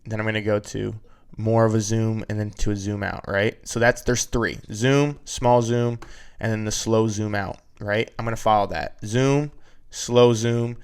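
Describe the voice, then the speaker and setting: A man's voice: fairly low pitch, flat delivery, normal speed, vocal fry, clean tone. A man teaching video editing in a casual, step-by-step way, often checking in with "right?". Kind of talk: screen-recorded editing tutorial.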